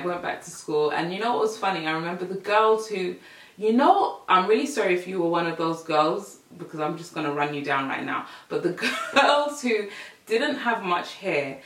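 Young woman host, casual lively storytelling, somewhat distant from the mic. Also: on the low side. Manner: animated, laughing, acts out voices in the story. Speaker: podcast host. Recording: echoey room, voice set back from the mic.

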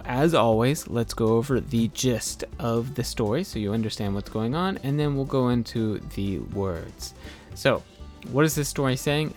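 A man giving a casual spoken English lesson, explaining vocabulary in a relaxed, chatty way with many fillers. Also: mid-range voice. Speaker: English teacher.

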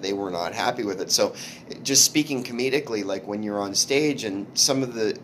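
A man hosting a casual podcast chat, telling stories haltingly with restarts and swearing. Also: on the low side, a bit bright, a little hiss or hum. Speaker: podcast host, comedian.

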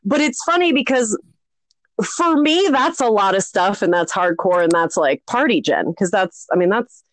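A woman's voice: medium pitch, expressive, normal speed, no room sound. A woman co-hosting a podcast, telling a rambling story in casual chat, laughing often and poking fun at herself. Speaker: podcast co-host.

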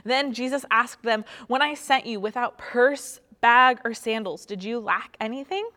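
A young woman giving a casual, chatty Bible teaching with animated storytelling and playful asides. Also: on the high side, unhurried, long reverb tail.

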